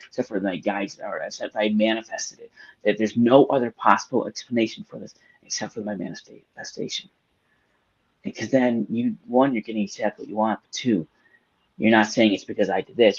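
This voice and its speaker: A man's voice: fairly low pitch, slightly rough, dull audio. A man co-hosting a spiritual live-stream discussion, reflective and storytelling, speaking in long winding sentences. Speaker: co-host.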